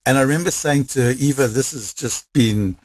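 A South African man recounts events with energy, voicing the people he quotes as he goes. His voice is husky. The recording is dry and close. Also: mid-range voice, a little fast, no room sound. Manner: lively, acts out quoted dialogue. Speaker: interviewee. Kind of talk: animated storytelling.

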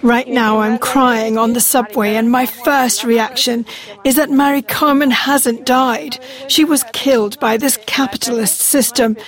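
A woman reads a first-person voice-over translation with an earnest tone. Her voice sits fairly high. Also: fairly even intonation, unhurried.

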